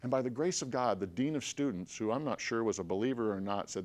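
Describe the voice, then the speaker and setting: A man telling a personal story to a group of listeners. He talks in an animated way, swinging between loud bursts and hushed stretches and checking in with his listeners as he goes. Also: fairly low pitch, fast talker, hardly any pauses. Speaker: motivational speaker.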